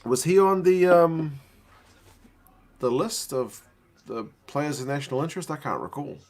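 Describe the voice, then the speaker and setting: A man's voice: on the high side, expressive, measured pace, a little mellow. A man hosting a casual live watch-along from his living room, chatting and answering viewers' questions. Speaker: livestream host.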